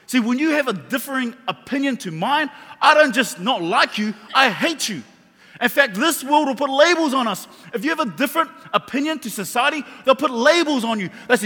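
A man's voice: extremely high pitch, pushed and bright. A man preaching a sermon, impassioned and emphatic, repeating his key phrases. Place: church hall. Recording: long reverb of a large hall.

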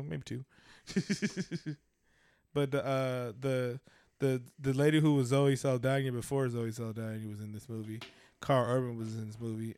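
A man co-hosting a podcast, teasing and cursing loudly with lots of laughter. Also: mid-range voice, clear, resonant tone. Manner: loud, teasing, laughing, profane. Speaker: podcast co-host. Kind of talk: casual banter.

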